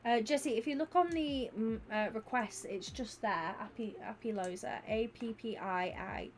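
A young woman streaming live, chatting with her viewers in an excitable, rambling way. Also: fairly high pitch, measured pace. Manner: chatty and excitable, talks to chat by name. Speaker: Twitch streamer. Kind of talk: casual livestream chat with viewers.

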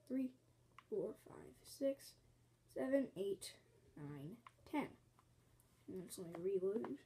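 A woman with a fairly high, mellow voice hosts a building-game tutorial, teaching step by step and counting blocks aloud. Recording at home with slight background noise, she fights through bouts of coughing and apologizes often.

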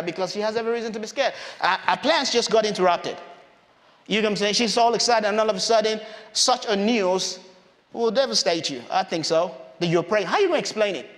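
A man's voice: high voice, brisk, a bit bright. A man preaching a conversational sermon in a church hall. He acts out the voices of Bible characters in his own voice.

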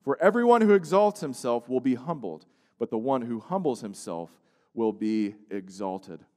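A male pastor delivering a sermon, moving from hushed, slow passages to loud, emphatic outbursts. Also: mid-range voice, lively intonation. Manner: preaching with swings from hushed to emphatic. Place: church sanctuary. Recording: long church-hall reverb.

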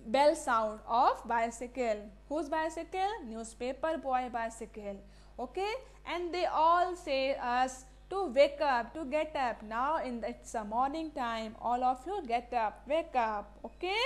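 A woman teaches a classroom lesson. Her voice sits high, and she keeps asking the class questions, repeating key words and slipping in Hindi phrases. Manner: mixes Hindi phrases into English.

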